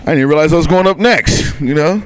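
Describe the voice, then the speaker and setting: On a small comedy club stage, a stand-up comic runs through a loose set, chuckling at his own lines and talking straight to the crowd. His voice sits on the high side, brisk and smooth, with no echo.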